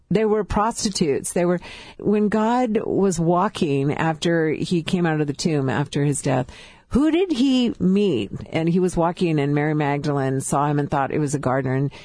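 A woman from California telling her personal testimony as a guest, halting and emotional, with restarts. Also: sits low, darkish tone, no room sound, studio quality.

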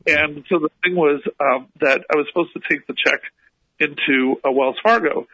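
Gravelly, bright-voiced man telling a story. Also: a little high, moderate pace, no room sound, poor audio. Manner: animated, acts out the people he quotes. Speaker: guest. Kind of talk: storytelling in a radio interview.

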